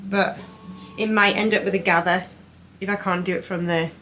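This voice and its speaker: A woman's voice: mid-range voice, fairly even intonation, normal speed, sharp tone, slight background noise, rough recording. A woman working as a seamstress, giving practical, explanatory advice during a dress fitting.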